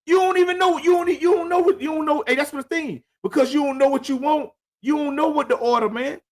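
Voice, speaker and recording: A middle-aged man with a very high voice hosts a casual chat. He lectures his guest in an emphatic, repetitive and preachy way, swearing often. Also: fairly quick. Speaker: podcast host.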